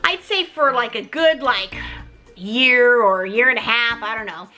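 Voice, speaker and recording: A woman's voice: fairly high pitch, unhurried, faint music behind. Chatty middle-aged woman telling a story. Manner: animated, chatty, keeps addressing viewers. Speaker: mother telling her story. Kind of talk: casual storytelling chat.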